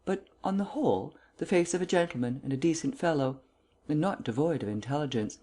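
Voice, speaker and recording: A reader voicing a polite, self-deprecating young gentleman who muses wryly about himself. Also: on the high side, animated, a little fast, pitched above the performer's own voice. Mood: musing. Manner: wry, musing, polite.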